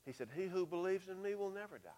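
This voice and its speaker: A man, a pastor telling a story from the pulpit with a slightly high voice. He speaks earnestly and drops to a hushed, slow delivery when he quotes scripture. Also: lively intonation, a little hiss or hum. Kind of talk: sermon storytelling.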